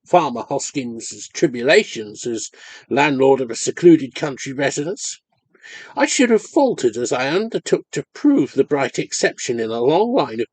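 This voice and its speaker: Expressive male audiobook narrator. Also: fairly high pitch, no echo. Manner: expressive, measured storytelling. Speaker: audiobook reader. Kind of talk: scripted narration of a ghost story.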